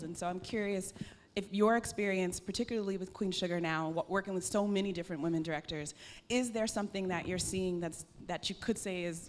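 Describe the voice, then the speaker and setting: A woman moderates an onstage conversation, asking her questions thoughtfully and with some hesitation. Her voice sits low for a woman, and faint noise hangs behind it. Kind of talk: onstage festival interview questions.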